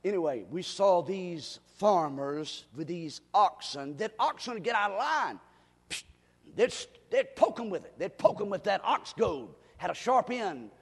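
A male pastor preaching a revival sermon, swinging between quiet asides and shouted exhortation in a church sanctuary. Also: high voice, expressive, moderate pace, creaky, hardly any pauses, breathy edge. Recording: long reverb of a church hall.

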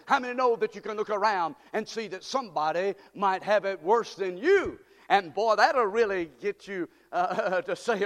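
A man preaching a fervent sermon, rising to shouts and leading his congregation in call-and-response. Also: sits high, expressive, normal speed, in a large hall. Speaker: pastor.

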